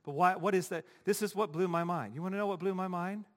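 A man preaching a sermon as pastor, emphatic, swinging from quiet asides to loud declarations. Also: high voice, quick pace, big-room sound.

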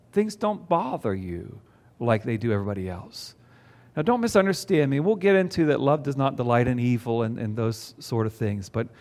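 A man's voice: mid-range voice, a little mellow. A man preaching a sermon to a congregation, conversational, with rhetorical questions. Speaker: pastor. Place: church before a congregation.

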